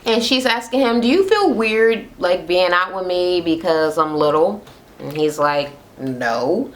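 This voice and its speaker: Profane, animated woman ranting a recap. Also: on the low side, unhurried. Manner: profane, animated, acts out quotes in voices. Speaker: reality TV recap host. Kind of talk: casual recap rant. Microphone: camera mic, talking to camera.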